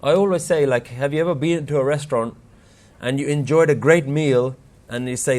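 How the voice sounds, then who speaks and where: A man's voice: a little high, expressive, brisk. A man giving an earnest spiritual workshop talk, telling stories and quoting scripture with rising and falling emphasis. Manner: earnest, rises and falls for emphasis, quotes scripture. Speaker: Sikh workshop speaker.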